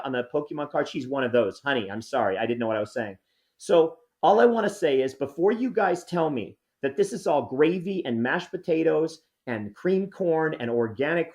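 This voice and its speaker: A man's voice: on the high side, a little mellow. Exasperated man in his sixties ranting. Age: 60s. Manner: exasperated, rambling, mock-angry. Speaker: podcast co-host. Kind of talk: comedic rant.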